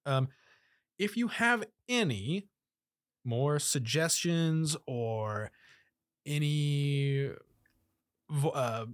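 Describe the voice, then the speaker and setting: A man's voice: on the high side, animated, very slow, long pauses, dry recording. Male podcast host, casual chat, rambling, dry close sound. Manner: rambling, lots of fillers and laughs.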